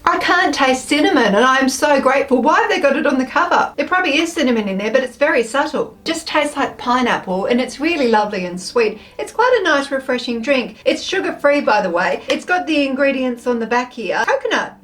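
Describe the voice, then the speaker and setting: A woman with a slightly high, lively voice talks casually to camera as she tries one snack after another. She is expressive and playful, narrating every thought as it comes. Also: a little fast, few pauses. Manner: chatty, expressive, thinks aloud; playful, with frequent laughs. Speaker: food taste-test vlogger. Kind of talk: casual chatty taste test.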